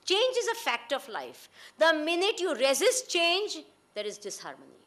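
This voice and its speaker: A woman's voice: high-pitched, wildly swooping pitch, normal speed, fairly bright tone. A woman with an Indian accent giving a talk to an audience, often asking them questions and mixing in Hindi and Gujarati phrases. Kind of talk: lecture to an audience.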